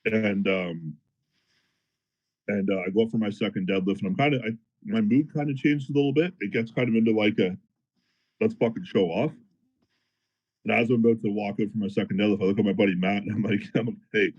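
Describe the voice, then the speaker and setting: A man telling a story in a casual podcast chat, animated and profane, as a powerlifter guest. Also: lowish voice, lo-fi sound. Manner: animated, profane, fired-up retelling.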